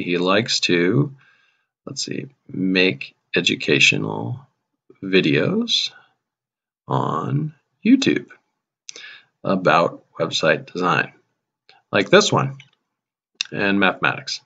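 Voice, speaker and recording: A man who teaches high school math, casually narrating a screen-recorded web coding tutorial as he types, with a touch of dry sarcasm. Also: creaky. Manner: relaxed, self-narrating while typing, dry sarcasm.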